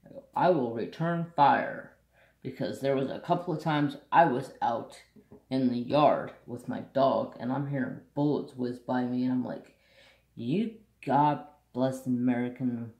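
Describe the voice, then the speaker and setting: A man's voice: medium pitch, a little slow, darkish tone, reverberant. A man hosting a craft channel, telling a country story bluntly and saltily in casual chat. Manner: blunt, salty rural storyteller.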